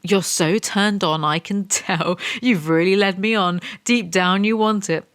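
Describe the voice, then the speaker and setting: A woman's voice: medium pitch, fairly even intonation, measured pace, a bit bright, smooth, natural voice. A woman reading as a sneering, predatory male boss. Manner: leering, menacing, mocking read. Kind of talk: dramatic book reading in a review.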